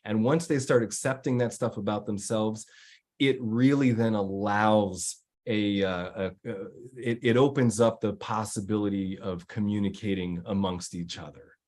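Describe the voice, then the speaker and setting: A man's voice: fairly low pitch, steady tone, normal speed, darkish tone. An executive coach, a man, telling a story to viewers in a loose, rambling way with many fillers and restarts. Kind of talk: casual live-stream talk answering viewers.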